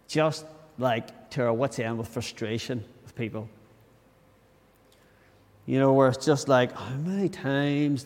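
A man's voice: mid-range voice, in a large hall. A man preaching a sermon in a church, talking earnestly and conversationally, often restarting his sentences. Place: church during a service.

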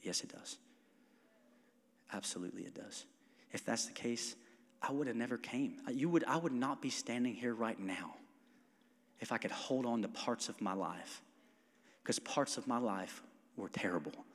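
A man preaching a sermon as pastor, moving from quiet, near-whispered passages to loud, emphatic stretches and calling on the congregation to answer back. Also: medium pitch, expressive, normal speed, long pauses. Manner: calls for congregation responses. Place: church sanctuary. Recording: long hall reverb.

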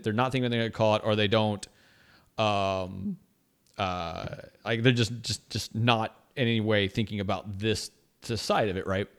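A young man co-hosting a casual podcast, talking in a rambling, animated way with lots of restarts and "right?" tags. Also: lowish voice. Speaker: podcast co-host. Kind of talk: casual chat.

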